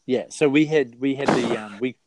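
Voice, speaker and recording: A man's voice: medium pitch, moderate pace, noisy background. A man with an Australian accent co-hosting a podcast, chatting casually with plenty of hesitation. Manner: hesitant, lots of ums and reckons. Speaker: podcast co-host. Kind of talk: casual chat.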